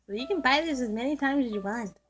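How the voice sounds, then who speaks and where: A woman's voice: high-pitched, expressive, fast, fairly bright tone, slight background noise. A woman casually commenting while she plays a video game, teasing and joking about the game's characters. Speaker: gameplay video host. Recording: game music playing clearly underneath. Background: game music.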